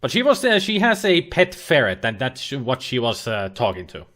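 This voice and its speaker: A man's voice: mid-range voice, huge pitch swings, normal speed, a bit bright. A man casually chatting and rambling on a livestream while playing an adventure game, using a webcam and laptop setup. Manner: chatty, rambling, with frequent fillers and restarts. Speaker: game streamer.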